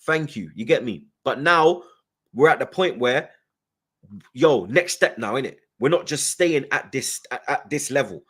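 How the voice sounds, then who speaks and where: A man's voice: medium pitch, lively intonation, a little slow, a bit bright, breathy edge. A young man hosts a fan channel, chatting casually and reading viewer comments, with constant slang and "you get me" tags. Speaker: football fan channel host.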